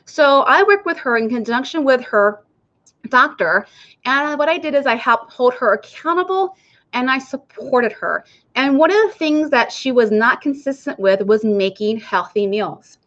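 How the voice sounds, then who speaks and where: A woman's voice: a little high, expressive, normal speed, fairly bright tone, highs cut off. A woman working as a nurse and health coach, talking casually and chatting straight to her viewers. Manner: chatty, addresses viewers directly. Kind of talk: casual online coaching talk.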